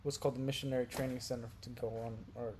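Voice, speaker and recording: A young man casually telling crude stories on a podcast, sliding from low mumbles into loud, animated outbursts. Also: rapid-fire, background noise. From Brazil. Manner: animated, gets loud and laughing when telling wild stories. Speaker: podcast co-host. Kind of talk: casual storytelling chat.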